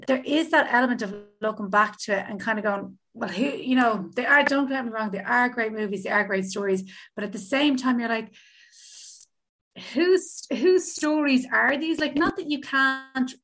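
A woman's voice: mid-range voice, fairly bright tone. Sweary Irish woman telling a story. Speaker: podcast co-host. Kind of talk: casual chat.

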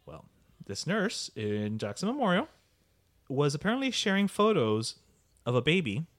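A man co-hosting a casual podcast, telling stories in an animated way and dropping Spanish words. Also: on the high side, moderate pace. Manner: animated, lively storytelling with Spanish interjections. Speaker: podcast co-host. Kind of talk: casual chat.

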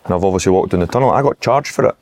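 A man's voice: low voice, animated, racing, a little mellow. A man with a Scottish accent, a former footballer telling rambling stories as a podcast guest. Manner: rambling, anecdotal storytelling. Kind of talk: casual podcast chat.

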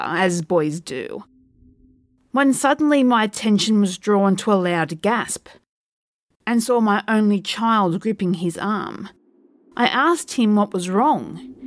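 Slow, measured woman narrating a horror story. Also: mid-range voice, a little hiss or hum.

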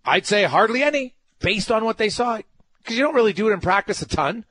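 A man's voice: high voice, expressive, fairly quick, fairly bright tone, no room sound. A man hosting a sports talk radio show, emphatic and ranting, firing off rhetorical questions.

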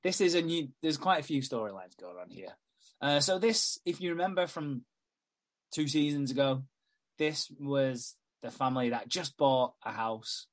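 A man's voice: mid-range voice, normal speed. A man co-hosting a casual podcast, laughing often as he recaps a TV show. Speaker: podcast co-host. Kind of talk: casual chat.

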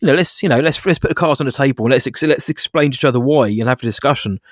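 A man chatting as a podcast co-host, calm and measured, at a mid pitch. He is recorded dry and close, with no room sound. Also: dry recording. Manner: measured, even-handed, calls his co-host mate. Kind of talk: casual podcast chat.

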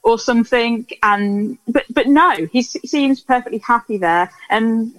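A woman's voice: on the high side, measured pace, fairly bright tone, no echo, rough recording. A woman co-hosting a podcast, chatting casually and hesitantly with lots of fillers and restarts. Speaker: podcast co-host. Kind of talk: casual chat about an old TV series.

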